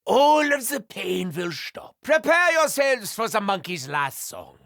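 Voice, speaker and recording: An actor playing a manic, gleeful male mad scientist in a video game, with a German accent, theatrical delivery and sudden shouts and cackles. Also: high voice, very animated, a little slow, gravelly, no room sound, clean studio sound, exaggerated voice.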